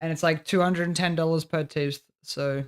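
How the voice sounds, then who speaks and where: A man's voice: fairly high pitch, steady tone, normal speed, clean tone. A man in casual stream chat, joking and swearing freely. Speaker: streamer guest.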